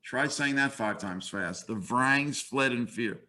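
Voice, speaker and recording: An older man in his sixties giving a webinar lecture on comics, relaxed and conversational, with wry asides. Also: medium pitch, slow.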